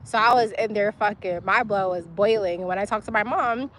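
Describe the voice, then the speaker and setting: A woman's voice: mid-range voice, brisk, a bit bright, slight background noise. A young woman, venting angrily in a profane, emotional personal vlog. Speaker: livestream host.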